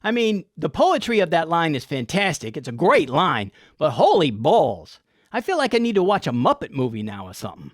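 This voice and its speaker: Wry, lively-voiced man reviewing episodes. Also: fairly high pitch, brisk, hardly any pauses, no echo, studio quality. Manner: irreverent, wry, profane, folksy. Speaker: host.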